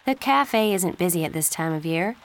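A woman's voice: lowish voice, lively intonation, normal speed. A woman reading the lines of a kind, encouraging older sister in a storybook.

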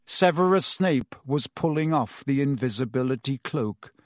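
A man's voice: mid-range voice, animated, moderate pace, no echo, studio quality. Man narrating an audiobook. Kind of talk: scripted narration.

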